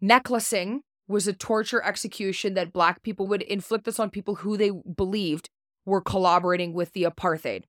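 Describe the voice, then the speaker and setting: A woman podcast host reads a prepared story in a blunt, casual way, dropping swear words. She trips over unfamiliar names. Her voice is mid-pitched, recorded close and dry with no room sound. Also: steady tone, normal speed, a bit bright, no echo. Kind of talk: reading a prepared true-story segment.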